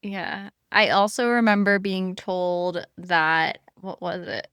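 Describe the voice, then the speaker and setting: A woman's voice: on the low side, steady tone, slow, fairly bright tone, clear, resonant tone, no room sound, clean studio sound. A woman co-hosting a book podcast, chatting frankly and casually, swearing now and then. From Florida, US. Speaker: podcast co-host. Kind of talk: casual chat.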